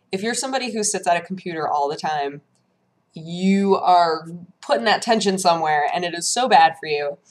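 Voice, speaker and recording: A woman vlog host chatting casually and telling lively stories, acting out her own reactions in hushed voices. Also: on the low side. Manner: animated storytelling, acts out her own quotes in hushed voices. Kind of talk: casual chat.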